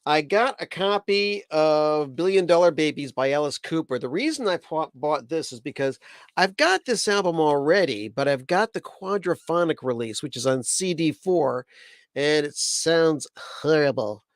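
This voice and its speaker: Male livestream host, somewhat high voice, dry close sound, rambling and enthusiastic. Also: lively intonation, moderate pace, no room sound. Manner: chatty and enthusiastic, rambling with restarts. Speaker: livestream host, record collector. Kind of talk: casual livestream chat.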